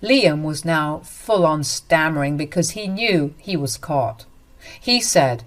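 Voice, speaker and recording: An earnest woman narrating a first-person story with indignation. Her voice sits somewhat low. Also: animated, slow pace.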